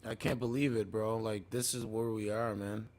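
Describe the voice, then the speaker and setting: A man's voice: fairly low pitch, little pitch movement, moderate pace, a little mellow. A man giving loose, rambling casual commentary on clips as a streamer, often saying "man" and "bro".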